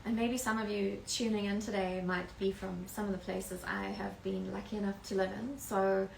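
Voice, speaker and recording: A woman's voice: medium pitch, flat delivery, moderate pace, creaky, slight background noise. A woman in her forties with a South African accent, a guest telling her story in a friendly, open way. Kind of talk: casual interview chat. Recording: echoey room.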